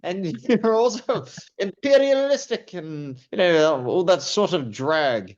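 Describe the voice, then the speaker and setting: A man's voice: sits high, animated, rapid-fire, warm tone, lo-fi sound, voice pushed up. A man doing a pompous posh old-time officer. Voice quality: plummy, clipped posh delivery.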